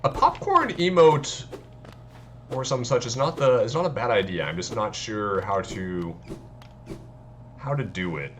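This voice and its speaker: A man's voice: medium pitch, sing-song, unhurried, long pauses, a bit bright, a little hiss or hum. Self-mocking man streaming a game. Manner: self-deprecating, talks to chat. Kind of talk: casual let's-play chat.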